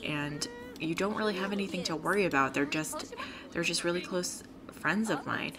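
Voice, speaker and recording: Brief: woman host, casual game commentary, lower voice, steady hiss behind. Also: moderate pace. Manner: chatty, lots of fillers, sympathetic. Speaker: let's play host. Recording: steady background noise.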